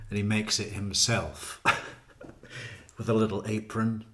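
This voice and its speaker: A man's voice: fairly low pitch, bright, forceful tone. A man doing livestream commentary on true crime, sarcastic and mocking, with chuckling asides.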